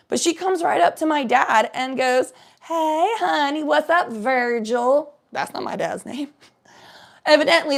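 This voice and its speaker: A woman from Cincinnati in casual storytelling chat. She talks bluntly and profanely, tossing in quick asides. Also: medium pitch. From Cincinnati, USA.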